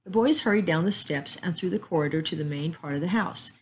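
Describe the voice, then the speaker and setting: A woman storyteller reading a chapter book and a Bible story aloud in a calm, measured way. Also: fairly low pitch, a little hiss or hum, poor audio.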